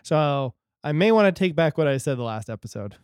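A man's voice: a little high, animated, brisk, darkish tone, smooth, no room sound, clean studio sound. A man in his thirties hosting a comedy podcast, telling stories and laughing often. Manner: laughs often, rambling and self-correcting. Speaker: podcast host. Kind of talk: casual comedy chat.

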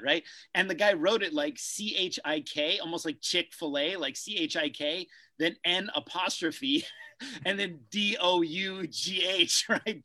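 A man's voice: fairly high pitch, bright, forceful tone, no echo. A man hosting a podcast, chatting casually with many fillers and loose asides. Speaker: podcast host.

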